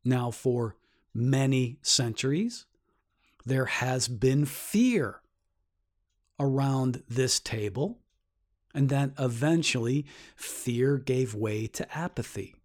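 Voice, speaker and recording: A man teaching a Bible lesson, explaining earnestly and asking rhetorical questions, his voice climbing sharply when he stresses a point. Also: slow. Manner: rises sharply in pitch for emphasis.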